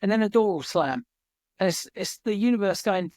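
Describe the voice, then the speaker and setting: A man's voice: high voice, normal speed, a little mellow, no room sound. Male podcast guest, earnest and reflective, casual swearing, dry close sound. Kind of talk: casual storytelling interview. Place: remote farm in Norway.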